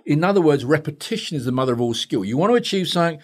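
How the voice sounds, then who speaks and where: Fast-talking blunt male therapist. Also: fairly high pitch, animated. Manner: blunt, swearing, straight-talking. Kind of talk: storytelling in a podcast interview.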